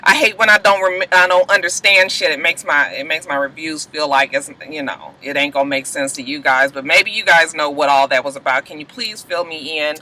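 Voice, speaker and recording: A man talking through TV episodes in a loose, slangy vlog, voicing the characters as he goes. His voice is very bright and sits a little high. He keeps it animated and chatty throughout. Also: fairly quick, hardly any pauses, low-quality recording. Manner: animated, slangy storytelling with acted quotes. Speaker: video blogger reviewing TV episodes. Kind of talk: casual recap vlog.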